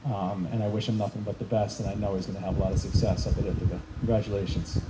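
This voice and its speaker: A man's voice: lowish voice, level tone, very fast, very noisy. A man coach giving an earnest ceremony speech, proudly praising an athlete.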